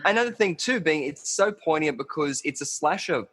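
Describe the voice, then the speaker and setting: A man's voice: fairly high pitch, animated, fairly bright tone, husky, in a large hall. Chatty man on a film podcast. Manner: casual, chatty, quick asides. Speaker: podcast co-host. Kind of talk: casual film discussion podcast.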